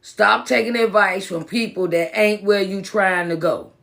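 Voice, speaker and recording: Woman, motivational speaker and minister, gravelly, casual and repetitive, phone live stream. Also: mid-range voice, unhurried, fairly bright tone. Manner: casual, repetitive, greets viewers by name. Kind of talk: live-stream pep talk.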